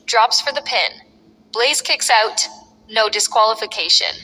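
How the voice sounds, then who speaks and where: A woman's voice: fairly high pitch, pushed and bright. A woman narrating a violent wrestling story in short, punchy phrases. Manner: punchy, clipped fight narration. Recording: echoey long reverb.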